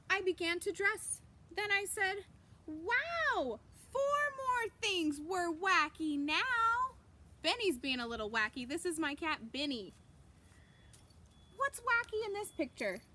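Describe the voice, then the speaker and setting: A woman reading a picture book aloud to children, animated, gasping and exclaiming, and asking the young listeners questions. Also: extremely high pitch, a little hiss or hum. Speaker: children's story reader.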